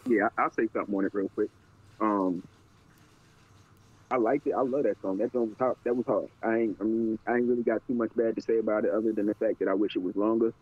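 A man's voice: fairly low pitch, steady tone, fast talker, breathy edge, phone-quality sound. A man co-hosting a podcast, reviewing a song in an easygoing, slangy way. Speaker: podcast co-host and audio engineer. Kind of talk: casual chat.

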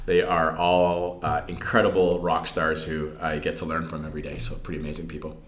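A man's voice: very deep voice, a little fast. A middle-aged man being interviewed, chatting casually and acting out family conversations as he tells them. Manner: animated storyteller who acts out family dialogue. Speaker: interview guest. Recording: roomy echo.

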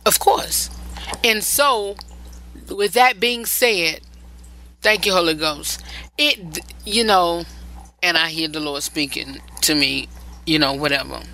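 A woman's voice: on the low side, slow pace, pauses often, bright, forceful tone, a little hiss or hum, low-quality recording. A woman hosting a relationship advice show, talking casually, stressing her points by repeating phrases and often rambling and restarting. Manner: loose, rambling delivery with restarts.

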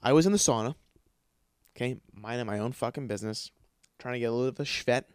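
A man's voice: medium pitch, fast talker, clear, resonant tone, dry recording. Guy ranting into a mic at home, swears nonstop, stutters, dry close sound. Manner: swears constantly, stutters and repeats words, swings between yelling and mumbling. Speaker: podcast host. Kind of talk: profane ranting monologue. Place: his apartment, in a dark room. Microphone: studio microphone.

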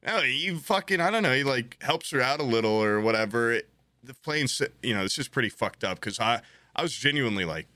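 Lively, swearing young man telling a story. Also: mid-range voice, a little fast, no echo, clean studio sound. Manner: animated, swears freely, acts out quotes. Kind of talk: casual storytelling chat.

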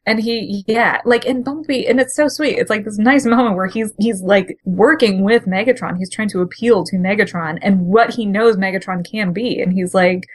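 A woman's voice: medium pitch, moderate pace, hardly any pauses, dry recording. A woman co-hosting a podcast, chatting casually and acting out characters' lines as she recaps a comic. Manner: animated, acts out characters' lines while retelling. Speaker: podcast co-host.

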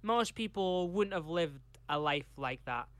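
A man's voice: a little high, expressive, measured pace, fairly bright tone, clear, resonant tone, no room sound. A Scottish man co-hosting a podcast, reading case notes from a script and breaking off for chatty tangents. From Scotland. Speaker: podcast co-host.

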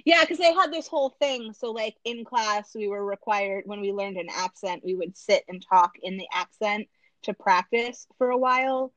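A woman's voice: medium pitch, normal speed, no echo, low-quality recording. Midwestern woman with a slight lisp. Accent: American Midwestern. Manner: animated storyteller, swears freely. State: slight lisp from a bitten tongue. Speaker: podcast co-host. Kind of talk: casual chat.

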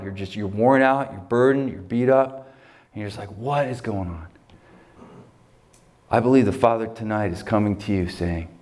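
A male pastor preaching a conversational, emphatic sermon in a church, leading into a prayer. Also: darkish tone. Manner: emphatic, conversational, pitch rises when stirred. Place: church sanctuary.

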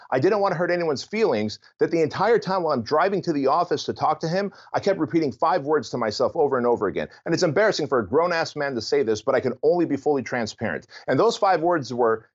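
A man's voice: on the high side, muffled recording. A man who is a guest on a podcast interview, telling his own story in a candid, earnest way. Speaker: guest, author and business owner.

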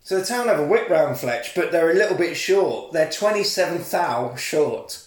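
A man's voice: on the high side, moderate pace, echoey room. A man from England recapping a film in casual, sweary banter, acting out characters as he tells it. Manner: sweary, animated storytelling with put-on voices.

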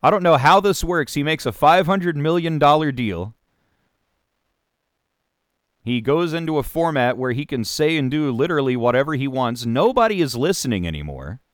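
A man's voice: a little high, very animated, normal speed, no room sound, studio quality. A man hosting a talk radio show, delivering a sarcastic, opinionated monologue with mocking put-on voices.

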